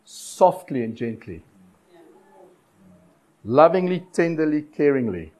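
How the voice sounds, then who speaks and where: Guy preaching a sermon, keeps repeating lines, mid-pitched voice, pushes hard then goes quiet. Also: poor audio. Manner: exhortative, repetitive cadence with dramatic pauses.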